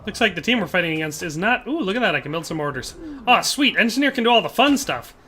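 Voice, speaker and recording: A man's voice: high voice, sing-song, fast talker, sharp tone, slight background noise. A young man streaming a shooter game, chatting casually, reading chat aloud and laughing often. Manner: chatty, laughs often, trails off mid-sentence. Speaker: livestreamer. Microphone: headset.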